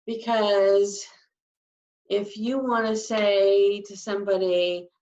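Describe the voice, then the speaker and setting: A woman's voice: medium pitch, takes it slowly, long pauses. A woman teaching a sign language class, explaining signs and acting out emotions with her voice. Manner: demonstrative, acts out emotions with her voice. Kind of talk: live class instruction. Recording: distant mic, dull lo-fi sound.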